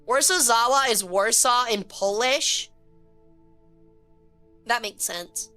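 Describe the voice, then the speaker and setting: A woman streamer giving casual live game commentary, excitable and quick to swear, chatting with her viewers. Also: a little high, soft background music. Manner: excitable, swears a lot when frustrated, chats with viewers.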